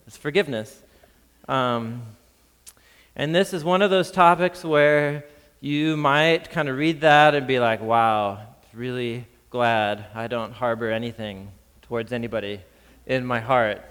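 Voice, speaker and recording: A man preaching a sermon as a pastor, lively and chuckling, acting out the voices in the scripture reading. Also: medium pitch, measured pace, clear, resonant tone, in a large hall. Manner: lively, reads scripture with acted voices, laughs often.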